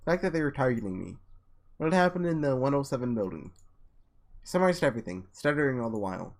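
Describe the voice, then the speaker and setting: A man with a slightly hoarse, under-the-weather voice reads a visual novel aloud with casual asides, sometimes tripping over and restarting words. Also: mid-range voice, sing-song, fast talker. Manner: casual, trips and restarts words while reading. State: voice a little sick, slightly hoarse. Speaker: let's player.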